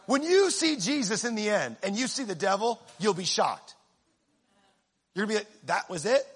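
A man with a very high speaking voice delivers a sermon. His tone is husky and slightly breathy. He is animated and jokey, dropping into quiet asides and then rising to shouts. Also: normal speed. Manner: animated, swings from low asides to shouting, humorous. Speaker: preacher.

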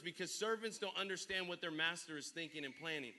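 A man preaching a sermon, reading scripture and calling for responses from his congregation, with repeated words and rising, shouted emphasis. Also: fairly high pitch, fairly quick. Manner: energetic call-and-response preaching, builds to shouting. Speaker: pastor.

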